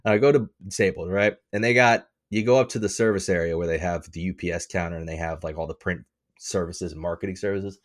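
A man co-hosting a podcast, telling a story in a casual, animated way, swearing and getting worked up. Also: fast. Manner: animated storytelling, swearing, rising in pitch when riled. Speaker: podcast co-host. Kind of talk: casual chat.

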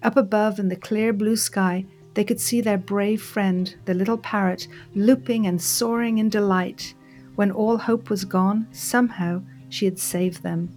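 A woman storyteller reads a folk tale aloud with dramatic, expressive phrasing. She lets her voice rise for the vivid passages and drops to a hush for tender ones. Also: mid-range voice, unhurried, faint music behind. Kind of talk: storytelling narration.

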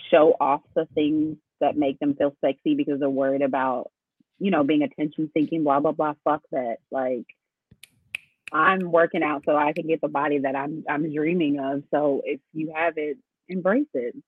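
A woman co-hosting a casual podcast, frank and relaxed with a lot of giggling. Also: low voice, normal speed, breathy edge, dry recording, narrow, tinny audio. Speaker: podcast co-host. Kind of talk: casual chat.

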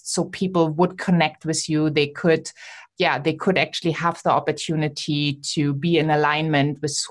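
A woman hosting a podcast interview, enthusiastically summing up her guest's story before asking a question. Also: low voice. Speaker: podcast host. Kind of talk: casual interview.

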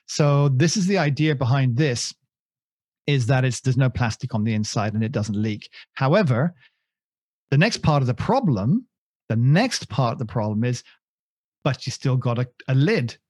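A man's voice: mid-range voice, lively intonation, moderate pace, a little mellow, slightly rough, no echo, clean studio sound. A man co-hosting a podcast in casual chat, rambling and joking at his own expense with many restarts. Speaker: podcast co-host.

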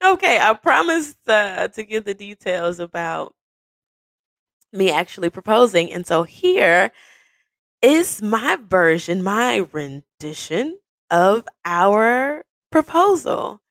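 A young woman hosting a podcast, telling a personal story in a casual, animated way, swearing freely and breaking into high, excited bursts and laughter. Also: slow pace, no room sound. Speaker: podcast host.

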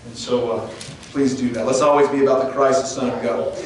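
A man's voice: mid-range voice, fairly even intonation, brisk. A man preaching a sermon as pastor, earnest, often restarting and stumbling over his words. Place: church sanctuary. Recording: echoey church room, distant mic, faint noise.

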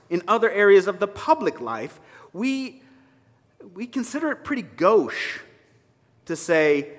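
This man has a high, slightly bright voice and is preaching a sermon as a minister. He speaks conversationally and emphatically, tossing wry asides to his congregation, and the recording carries the reverberant sound of a hall.

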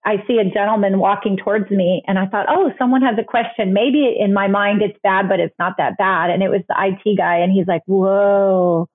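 A woman's voice: mid-range voice, steady tone, brisk, hardly any pauses. Candid woman on a phone-like line. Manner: candid, many restarts and fillers. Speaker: guest, author. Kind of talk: interview storytelling.

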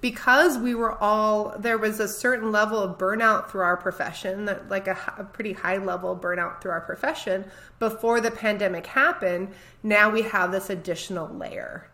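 A woman therapist co-hosting a podcast, telling her own stories in a casual, animated way with many "like"s. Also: mid-range voice, normal speed, few pauses. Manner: animated storyteller, frequent "like". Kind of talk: casual conversational chat.

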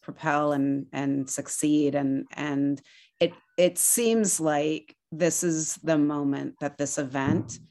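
A woman executive director answering interview questions in a measured, earnest way. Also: low voice, fairly even intonation, warm tone.

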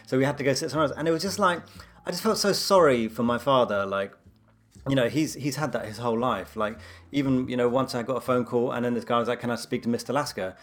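A man talking quickly in a relaxed discussion, piling on fillers and restarts as he tells personal stories. His voice sits at a middle pitch and carries an animated, storytelling energy. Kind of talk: casual conversation.

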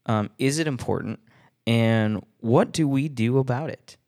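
A man's voice: mid-range voice, unhurried, noisy background. A man hosting a casual solo podcast, rambling and self-deprecating, laughing often between thoughts. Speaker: podcast host.

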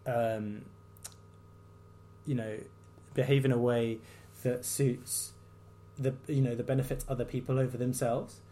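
Speaking alone on his podcast, a male doctor wanders from point to point with an exasperated, sardonic edge, mimicking quoted people mockingly. The mid-range voice is a little mellow, and he keeps stumbling through fillers and false starts.

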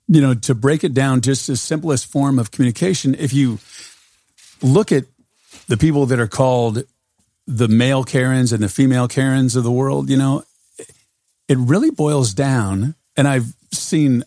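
Relaxed male podcast host, dry sound. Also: medium pitch, no room sound. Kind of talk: casual podcast chat.

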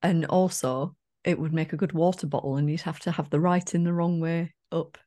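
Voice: mid-range voice, steady tone, brisk, dark tone. A podcast co-host chatting casually, with dry teasing remarks and casual swearing.

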